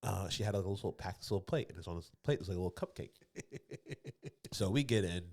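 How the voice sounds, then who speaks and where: A comedy podcast co-host with a deep, somewhat dark voice talks fairly quickly, his intonation lively. His story meanders with plenty of laughter and restarts, and he performs other people's voices. The audio comes from a podcast studio microphone.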